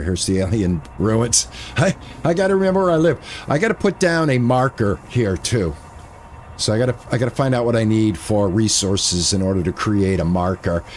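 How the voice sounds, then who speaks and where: A man's voice: fairly low pitch, expressive, moderate pace, darkish tone, slight background noise. An older man streaming a game, chatting casually and thinking aloud, often repeating himself. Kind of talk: casual gameplay commentary.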